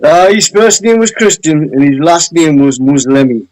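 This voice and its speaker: A man's voice: on the high side, animated, normal speed, a crowd in the background, rough recording. A man, chatting casually in a jokey, sweary way. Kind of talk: casual chat.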